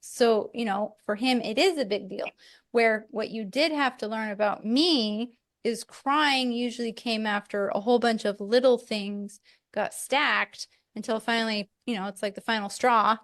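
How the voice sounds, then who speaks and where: Chatty woman co-hosting, slightly high voice. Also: moderate pace, a bit bright. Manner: chatty, laughs while telling stories. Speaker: podcast co-host. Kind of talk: casual conversational teaching.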